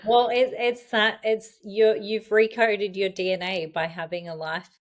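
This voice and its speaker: A woman's voice: mid-range voice, flat delivery, measured pace. A woman guest on a podcast, a fertility coach, speaking in casual conversation and affirming and encouraging the host. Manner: encouraging, affirming, laughs often.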